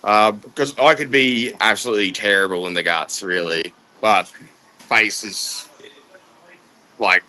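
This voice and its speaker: Laid-back man, bright tone. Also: on the low side, measured pace, low-quality recording. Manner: hesitant, laid-back, chuckling. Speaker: competitive chilli eater. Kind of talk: casual interview answers.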